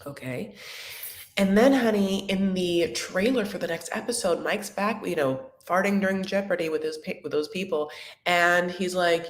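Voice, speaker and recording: A woman's voice: fairly low pitch, normal speed. A woman hosting a live chat recap of a reality show, sassy and chatty, calling her viewers honey. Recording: echoey room.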